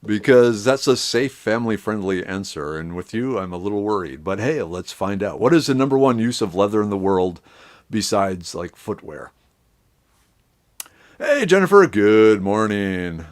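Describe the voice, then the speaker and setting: On a live stream he hosts, a middle-aged man chats in a relaxed, meandering way and welcomes viewers by name. His voice is fairly low and his speed normal.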